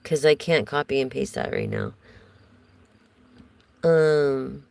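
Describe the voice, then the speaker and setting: A woman's voice: extremely low pitch, huge pitch swings, takes it slowly, vocal fry, a little mellow, low-quality recording. A woman giving a casual live tarot reading, chatty and rambling as she talks straight to her viewers. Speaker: tarot reader.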